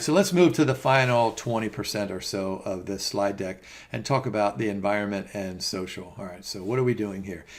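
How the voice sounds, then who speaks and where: A middle-aged man teaching a finance exam prep lecture in a conversational, rambling way with many fillers and asides. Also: lowish voice. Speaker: finance instructor. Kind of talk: recorded lecture.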